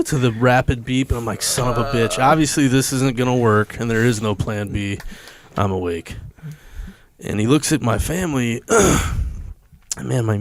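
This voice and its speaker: A podcast guest from the United States, a man with a mid-range voice, tells a personal story in a candid, profane and emotional way.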